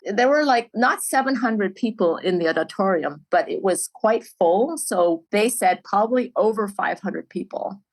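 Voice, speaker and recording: A woman's voice: mid-range voice, normal speed, few pauses, rough recording. A woman telling stories with laughter. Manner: animated, laughs often while telling stories. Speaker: podcast guest, filmmaker. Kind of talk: storytelling in a podcast interview.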